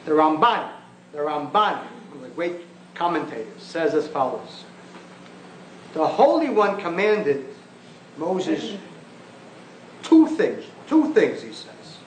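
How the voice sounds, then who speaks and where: Emphatic rabbi lecturing in an echoey hall. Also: male voice, fairly high pitch, very animated, slow, long pauses, a little hiss or hum. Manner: emphatic, mocking, rhetorical questions. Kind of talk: impassioned public lecture. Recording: echoey archival lecture recording.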